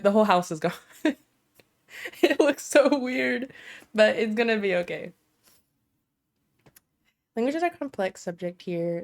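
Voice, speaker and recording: An American woman chatting casually on a live stream, bubbly and self-deprecating, laughing often. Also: mid-range voice. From United States.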